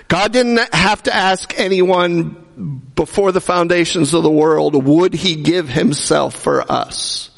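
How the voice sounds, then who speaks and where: Gravelly preacher in a reverberant hall. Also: male voice, fairly high pitch, slow. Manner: conversational preaching with jokes and acted-out quotes. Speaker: pastor. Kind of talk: sermon.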